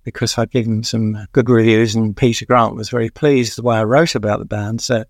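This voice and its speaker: Older male guest, gravelly voice, dry close sound, rambling anecdotal storyteller with many pauses. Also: on the low side, fairly even intonation, no room sound. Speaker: veteran music journalist, guest.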